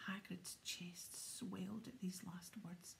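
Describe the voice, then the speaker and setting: A woman reading a children's novel aloud in a soft, steady whisper. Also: lowish voice, slow pace, creaky. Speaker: audiobook narrator.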